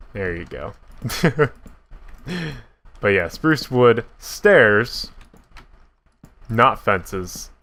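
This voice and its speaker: A young man giving casual, self-mocking commentary while he builds in a block game, with a deep voice that sometimes cracks. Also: fairly bright tone. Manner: chatty, self-mocking, laughs at his own slips. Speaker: gaming YouTuber.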